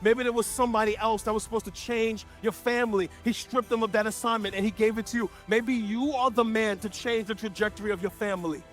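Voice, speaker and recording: A man's voice: high-pitched, fairly even intonation, fast talker, hardly any pauses, fairly bright tone, soft background music. A man preaching a sermon as pastor to a church gathering, impassioned, often stammering and restarting mid-sentence.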